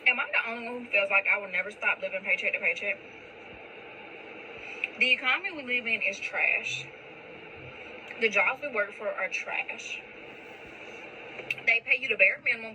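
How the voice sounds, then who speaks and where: A woman's voice: medium pitch, pushed and bright, slight background noise, poor audio. A woman ranting casually about money, sounding frustrated and incredulous. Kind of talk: casual rant.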